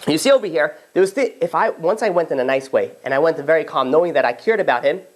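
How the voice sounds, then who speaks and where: A man's voice: a little high, fast. A male rabbi teaching an informal class, telling stories with animation and acting out conversations as he goes. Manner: animated storyteller, acts out dialogue, frequent restarts. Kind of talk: informal Torah class with storytelling.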